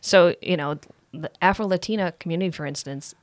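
A woman speaks in a fairly low voice. Her tone is measured and reflective, as in a casual interview. The sound is dry and close, with no room echo. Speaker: theatre marketing director.

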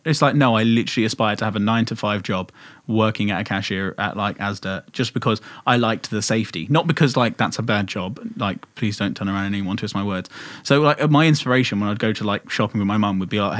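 A man's voice: fairly low pitch, fast talker, fairly bright tone, no echo. A young man, co-hosting a podcast in casual, sweary, self-mocking banter, laughing often. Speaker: podcast co-host.

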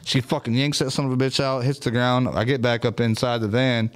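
Male livestream host, average pitch, loud, swearing storyteller, casual chat. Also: brisk. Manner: animated profane storytelling.

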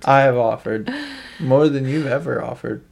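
A man's voice: mid-range voice, normal speed, creaky, darkish tone. A man co-hosting a podcast in casual chat, giving dry, wry retorts. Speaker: podcast co-host.

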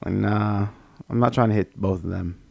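A man trading loud, profane, teasing banter about football with friends. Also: fairly low pitch, steady tone, moderate pace, gravelly, no room sound. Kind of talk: casual sports banter.

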